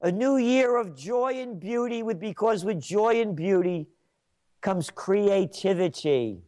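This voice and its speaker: A man's voice: sits high, expressive, measured pace, darkish tone. An older man hosting a trends commentary show, delivering an opinionated monologue with emphatic, repetitive declarations.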